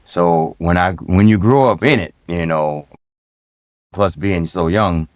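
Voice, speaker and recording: A middle-aged man from Brooklyn with a New York accent, a guest telling relaxed stories about his upbringing in an interview. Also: sits low, takes it slowly, no room sound. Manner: easygoing, reflective, repeats phrases. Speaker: guest, retired police lieutenant and DJ. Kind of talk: casual interview storytelling.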